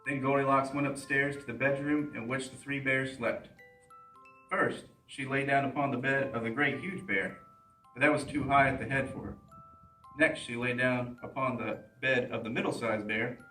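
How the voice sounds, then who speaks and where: A man, a police officer, reading a children's bedtime story aloud in a plain, steady way. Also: medium pitch, normal speed, faint music behind. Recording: roomy echo, mic at a distance.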